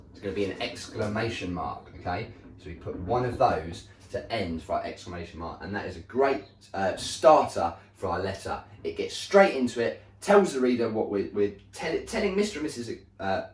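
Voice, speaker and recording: A male primary school teacher giving a slow, deliberate recorded lesson to young children, often checking in with "okay?". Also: on the low side. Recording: echoey room, voice a bit far from mic.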